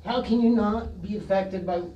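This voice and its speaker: A man speaking at public comment in a council meeting, halting and clearing his throat, and growing indignant as he goes on. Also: high voice, dull audio, background noise. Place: council chamber. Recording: echoey chamber, distant mic.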